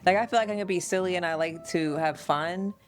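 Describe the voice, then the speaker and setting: A woman from the United States, a podcast host and mother, telling family stories in an animated, casual way and laughing often. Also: lowish voice, brisk, soft background music.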